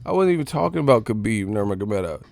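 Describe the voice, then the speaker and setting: A man's voice: on the low side, very animated, fast talker, gravelly, a little mellow, dry recording. A man hosting a boxing channel live stream, ranting in casual, profane, mocking chat.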